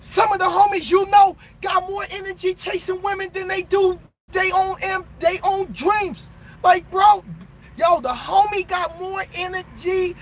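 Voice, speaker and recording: A male truck driver giving a motivational pep talk in a preachy way, bursting into shouts, recorded in his truck cab. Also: very high-pitched, fairly even intonation, measured pace, a little hiss or hum.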